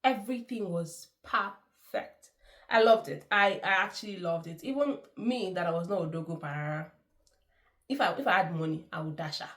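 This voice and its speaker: A woman's voice: lowish voice, moderate pace, a bit bright. A woman giving a chatty, effusive film review, laughing often. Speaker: movie reviewer. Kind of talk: casual movie review.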